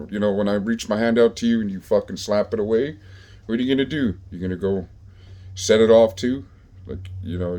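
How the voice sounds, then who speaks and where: A man with a very low, mellow voice tells stories from his own past in an easygoing way. His talk is rough and profane, and he keeps stopping for fillers as he thinks. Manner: profane, laid-back street talk with many fillers. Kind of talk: casual storytelling.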